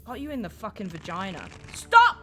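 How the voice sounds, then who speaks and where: A young woman streaming a game and reacting out loud, jumpy and profane, shrieking and laughing at scares. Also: on the high side, lively intonation, measured pace, noisy background. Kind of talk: live let's-play commentary.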